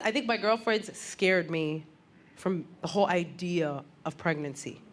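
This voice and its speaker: A woman's voice: lowish voice, measured pace, heavy background noise. A woman in her thirties doing a stand-up comedy routine, acting out the people she talks about in exaggerated voices. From Puerto Rico. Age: 30s. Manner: animated, acts out quoted people in exaggerated voices. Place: comedy club stage before a live audience. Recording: live club recording with reverb and crowd laughter. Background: audience laughter.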